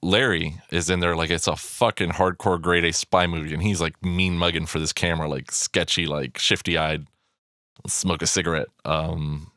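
A man's voice: sits low, steady tone, moderate pace, pushed and bright, no echo, studio quality. A man giving casual, rambling film commentary, swearing freely and full of fillers and restarts.

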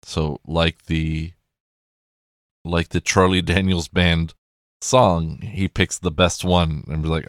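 A man's voice: deep voice, level tone, slow pace, no room sound, clean studio sound. A man chatting casually and rambling, with plenty of swearing and self-corrections.

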